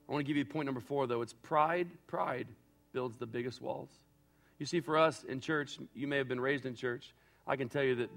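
A man preaching a sermon as pastor, swinging between loud acted-out quotes and quiet, reflective passages. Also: medium pitch.

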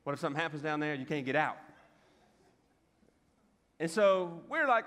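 Joking high-voiced man preaching in a hall. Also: moderate pace, pauses often, smooth. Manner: joking storyteller, animated. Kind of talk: humorous sermon. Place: church hall with audience. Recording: hall reverb.

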